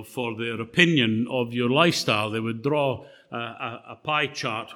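A middle-aged man delivers a sermon in a relaxed, conversational manner, often pausing on fillers and restarting his phrases. His voice is bright and forward, and his pitch sits in an ordinary middle range. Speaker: preacher. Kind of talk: sermon with personal story.

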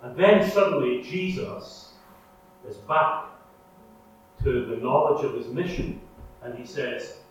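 A man preaching a sermon in an earnest way, swinging between loud emphasis and hushed, prayerful lines. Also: medium pitch, animated, slow, long pauses, lo-fi sound. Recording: echoey room, mic far off, faint hum.

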